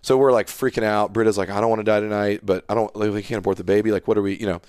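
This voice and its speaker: A man's voice: lowish voice, rapid-fire, no echo, clean studio sound. A man in his thirties, a pastor and podcast guest, earnestly telling a personal story and acting out the dialogue. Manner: earnest, animated storyteller who retells dialogue. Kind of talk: casual storytelling conversation.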